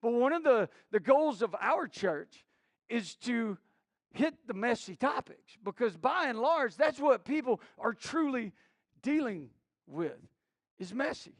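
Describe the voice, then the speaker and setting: Middle-aged pastor guy, pretty high voice, tells stories and acts out the quotes, dry mic. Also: sing-song, unhurried, no room sound. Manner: storytelling with many restarts and acted quotes. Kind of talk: sermon.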